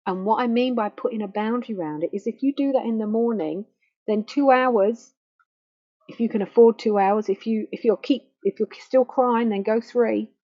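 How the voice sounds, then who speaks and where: Woman grief counsellor, warm low-key tone, soft and unhurried guidance, muffled recording. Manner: gentle, slow and reassuring, softening to a near hush. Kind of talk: guided self-help talk. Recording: dull lo-fi faulty microphone.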